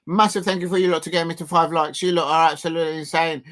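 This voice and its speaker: A man streaming a live football watch-along, chatting loosely with lots of fillers and sudden bursts of excitement. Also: on the high side, fast talker. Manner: rambling, filler-heavy, bursts of excitement at chances.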